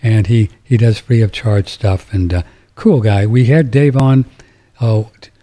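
Man, talk radio host, rambling, lots of fillers, mellow voice. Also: fairly low pitch, steady tone, measured pace. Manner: rambling, with many fillers and restarts. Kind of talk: casual talk radio chat.

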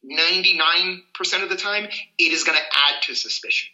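A civil rights attorney appears as a podcast guest and explains legal rights with earnest, brisk energy, acting out little scenes as he goes. His very bright voice sits a little high. The room echoes and the highs are cut off.

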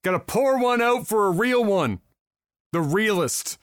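High, lively young man from Canada. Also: measured pace, dry recording, clean studio sound. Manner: excitable, slangy banter. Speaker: podcast co-host. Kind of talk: casual chat.

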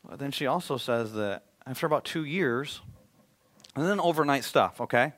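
A male pastor preaching a sermon, swinging from loud emphatic appeals to a hushed, prayerful tone. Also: mid-range voice, expressive, moderate pace.

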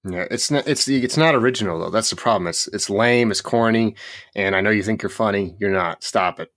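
A man co-hosting a podcast in casual chat, opinionated and ranting with quick jokes. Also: on the low side, a bit bright, dry recording, studio quality. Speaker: podcast co-host.

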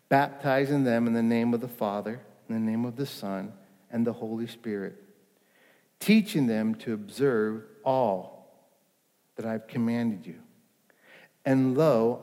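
A man preaching a sermon, emphatic, his voice rising in pleading questions and sinking to quiet reassurance. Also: medium pitch, long reverb tail. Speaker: pastor.

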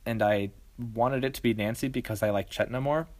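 A woman's voice: a bass voice, fairly quick, a little mellow, no echo. A woman co-hosting a podcast, talking casually and explaining her points at length. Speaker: podcast co-host. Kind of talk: casual chat.

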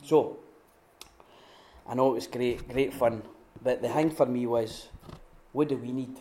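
Animated man teaching in an echoey room. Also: medium pitch, measured pace, a little hiss or hum. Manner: animated storytelling with many restarts and acted-out quotes. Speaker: retreat speaker. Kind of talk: informal teaching talk. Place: room at a retreat.

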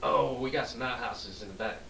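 A man's voice: medium pitch, fairly quick, vocal fry. A man co-hosting a podcast, telling a long profane story and acting out the dialogue in it. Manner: animated, profane, acts out quoted dialogue. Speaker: podcast co-host. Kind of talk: drunk storytelling chat. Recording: echoey room, distant mic, faint hiss.

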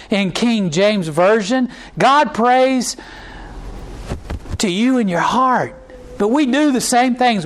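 A man's voice: sits high, low-quality recording. A pastor preaching a conversational sermon to his church, with many fillers and restarts and mocking impressions.

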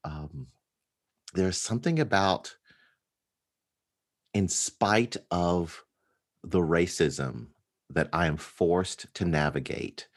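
A deep, low-pitched man with an African American accent, a pastor, talks casually about preaching. He reflects slowly and fills his pauses with many ums, giving his speech a calm, unhurried, searching feel. When a point matters to him, his voice rises with emphasis.

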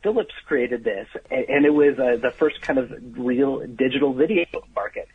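An enthusiastic man explains surprising facts as a guest author calling in to a radio interview. His voice is husky and carries the thin, tinny quality of a dry telephone line, with the pitch sitting in a middle range. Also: moderate pace, dry recording. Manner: animated, storytelling, enthusiastic about trivia.

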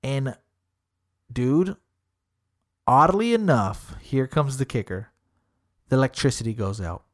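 Animated, slangy young man telling a story. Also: mid-range voice, takes it slowly. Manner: animated, acts out quoted dialogue with shifting voices; heavy swearing, slangy. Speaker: comedy show host. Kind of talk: casual storytelling chat.

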